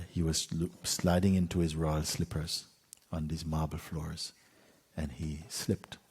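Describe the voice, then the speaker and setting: Husky deep-voiced male teacher, unhurried storyteller. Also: long reverb tail. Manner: unhurried, with soft asides and light laughs. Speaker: spiritual teacher. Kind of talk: storytelling talk.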